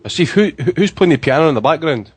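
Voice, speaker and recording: A man's voice: a little high, lively intonation, quick pace, a little hiss or hum. A man hosting a podcast in an easygoing, casual way, calling people mate. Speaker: podcast host.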